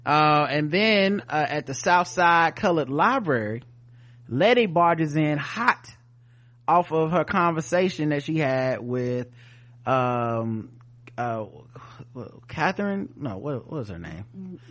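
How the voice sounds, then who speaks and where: A man's voice: on the high side, expressive, takes it slowly, a bit bright. A man co-hosting a podcast, recapping a TV episode in casual, profane chat and acting out the characters' lines as he goes. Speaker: podcast co-host reviewing a TV episode.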